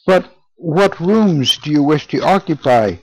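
A man voicing a gruff, indignant, infirm old male priest in an audiobook reading. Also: a little high, lively intonation, a little slow, dry recording, pitched above the performer's own voice, low-quality recording. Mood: softened.

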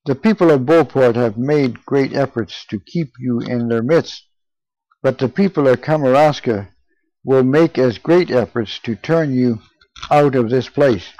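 A man voicing a gruff, indignant, infirm old male priest in an audiobook reading. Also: mid-range voice, measured pace, warm tone, lo-fi sound, lightly acted. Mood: angry.

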